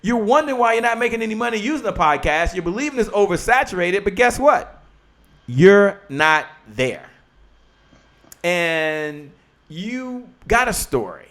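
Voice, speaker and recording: A man hosting a live-streamed talk show, excitable and animated, talking straight to his viewers and his guest. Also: sits high, a little slow. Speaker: show host.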